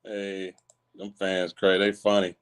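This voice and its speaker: A man's voice: deep voice, monotone, a little slow, clean tone. A man hosting a live stream in casual chat, teasing his chat and laughing often.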